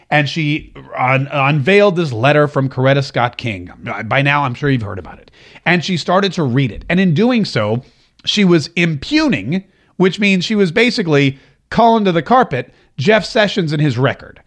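Guy hosting political talk radio, kinda high voice that bounces all over, sarcastic. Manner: animated and sarcastic, repeats for emphasis.

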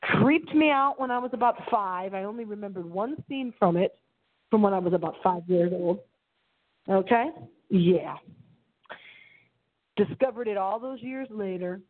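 A middle-aged woman hosting her internet radio show alone, talking in a theatrical, dramatic way with big swings in pitch. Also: unhurried, pauses often. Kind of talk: solo radio show monologue. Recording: phone-line audio.

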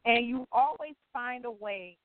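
Co-host: blunt, teasing woman, slightly high voice, tinny phone-line sound. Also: unhurried, no room sound. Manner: blunt, teasing, trips over names. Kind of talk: casual chat.

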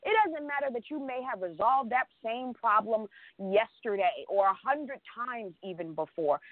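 A talkative woman with a fairly high voice tells a story in loose, casual conversation. She keeps restarting sentences and laughs now and then. The sound is dry and thin, like it comes over a phone line. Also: moderate pace, dry recording. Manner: rambling, with many restarts and fillers; animated, laughs often.

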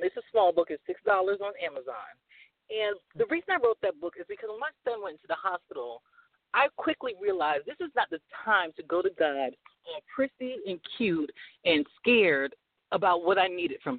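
A woman speaking as a guest author and life coach in a casual radio interview, animated and emphatic, laughing often. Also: medium pitch, normal speed, vocal fry, dry recording. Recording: tinny phone-line audio.

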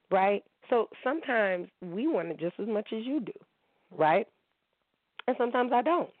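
Speaking in a mid-range voice, a woman from Kalamazoo, Michigan hosts a casual monologue that turns blunt, heated and profane. The recording is dry and has a tinny, phone-like quality.

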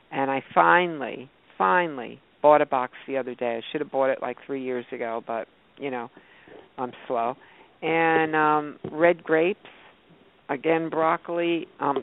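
A man hosting a casual health talk show, rambling through food lists with many fillers and restarts. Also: on the high side. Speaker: host. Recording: phone-like narrow sound.

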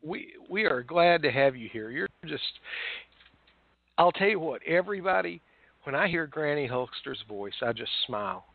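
A man's voice: fairly high pitch, lively intonation, normal speed, gravelly, no echo. A man hosting a casual talk radio show, often stumbling and restarting his sentences. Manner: warm, repetitive, stumbling restarts. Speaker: host. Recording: dry, tinny phone-line sound.

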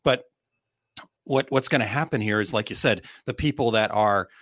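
Chatty low-voiced man hosting a talk show. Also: moderate pace, fairly bright tone, dry recording, clean studio sound. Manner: chatty, frequent fillers and restarts. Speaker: podcast host. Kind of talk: casual chat, reading listener comments.

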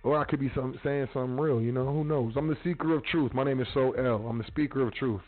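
Male host, mid pitch, blunt slangy monologue, tinny phone-like line, soft music under it. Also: fast talker. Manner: street slang, blunt, profane. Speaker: podcast host. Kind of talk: casual monologue.

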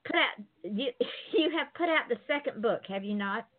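A woman's voice: on the high side, lively intonation, normal speed. Woman host rambling over tinny line. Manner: rambling, digressive storyteller. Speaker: interview host. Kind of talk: casual interview chat.

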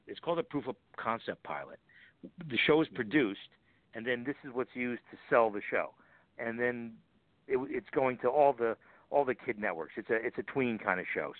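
A man's voice: mid-range voice, no room sound. A man, a voice actor guest, telling stories in a chatty interview and acting out quoted lines. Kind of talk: casual interview chat. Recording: tinny phone line.

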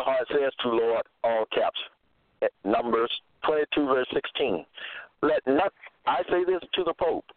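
Man, slow deliberate sermon, scripture citations, tinny phone-like audio, dry sound. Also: medium pitch, no echo. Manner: deliberate, cites verses, repeats "okay?". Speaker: self-styled religious teacher.

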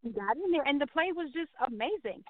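A woman's voice: high voice, a little fast, slight background noise. Woman on a tinny call. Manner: animated, acts out quoted voices. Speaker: guest telling her life story. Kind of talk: personal storytelling in an interview. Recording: tinny phone-like call audio.

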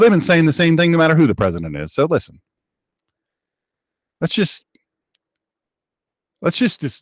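A man of middle pitch hosts a political talk show in a rambling, opinionated monologue. He repeats phrases for emphasis and reads out listener messages. His voice sounds dry and close to the mic. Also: no echo.

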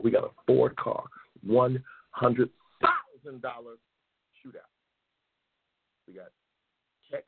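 Man, gravelly voice, excitable and cussing, hosting a show, phone-like sound. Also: medium pitch. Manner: loud, profane and excitable, yelling at times. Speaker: talk show host. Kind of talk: casual livestream chat, reading race matchups.

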